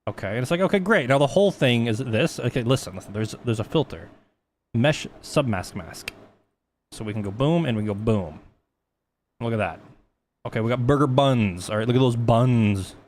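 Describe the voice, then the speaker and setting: A young man talks his way through a live 3D-texturing tutorial in a medium-pitched voice. His delivery is rambling and loose, full of swearing and jokes at his own expense. A faint background hiss sits under the voice. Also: animated, normal speed, darkish tone. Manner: rambling, profane, self-mocking. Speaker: streamer teaching 3D texturing. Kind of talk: casual live-stream tutorial.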